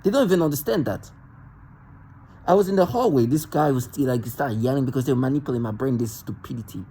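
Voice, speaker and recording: A man speaking to the camera in an agitated monologue, halting and repeating words as he restarts sentences. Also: medium pitch, expressive, warm tone, breathy edge, rough recording. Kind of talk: self-recorded monologue rant.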